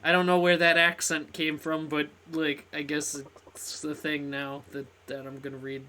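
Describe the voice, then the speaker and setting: A man's voice: on the high side, level tone, normal speed, pushed and bright, a little hiss or hum. A man streaming a video game live, rambling through jokey, self-mocking asides as he plays.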